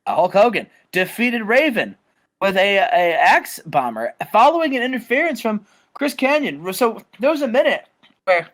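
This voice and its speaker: A young man casually narrating a wrestling booking game, rambling and animated. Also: high-pitched, moderate pace. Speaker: game show co-host.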